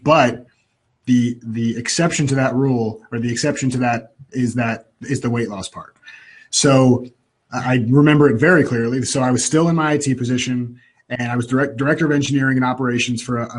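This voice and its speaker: Male guest, husky tone, animated storyteller, restarts a lot. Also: medium pitch, fairly quick. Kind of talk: personal storytelling in an interview.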